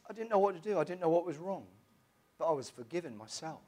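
Halting man giving church testimony. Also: a little high, expressive, dark tone. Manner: emotional, halting, with frequent restarts. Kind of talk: personal testimony.

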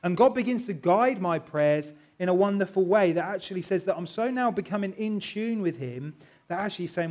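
Brief: middle-aged male pastor, higher-than-average voice, earnest animated sermon delivery. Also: brisk. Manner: earnest, animated preaching with loud and soft swings.

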